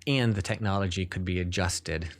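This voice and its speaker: A man's voice: low-pitched, moderate pace. A man speaking as a neurologist guest in an interview. He explains at length and in earnest, often restarting his sentences.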